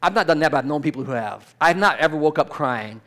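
A pastor giving a conversational sermon, informal, with restarts and repeated words, growing loud and animated when he stresses a point. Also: fairly high pitch, fast talker.

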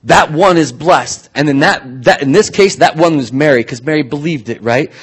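Brief: male pastor, husky voice, conversational sermon with sudden loud bursts. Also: on the high side, normal speed. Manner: casual, animated preaching with restarts and bursts of shouting.

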